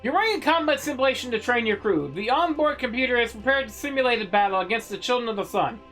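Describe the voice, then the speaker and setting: Lively woman streamer reading game text. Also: fairly high pitch, quick pace, soft background music. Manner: reads game text aloud, muttering asides. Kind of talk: casual gameplay narration.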